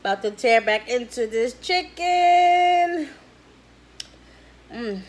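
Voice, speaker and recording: Slow-talking woman eating on camera. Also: a little high, animated. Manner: chatty, slangy, talks between bites with lots of mm sounds. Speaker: mukbang vlogger. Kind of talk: casual eating vlog.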